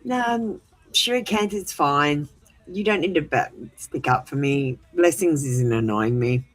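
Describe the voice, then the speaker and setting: A woman's voice: low voice, animated, measured pace, faint music behind, rough recording. A woman hosting a live tarot stream, chatting casually and bluntly with viewers as she manages the chat queue, then reassuring them when they feel ignored.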